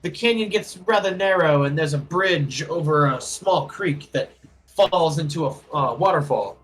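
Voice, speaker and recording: A man voicing a fussy, pompous male dwarf wizard who speaks formally and breaks into panicked shouting. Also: fairly high pitch, normal speed, voice pushed up, close to an everyday voice, poor audio.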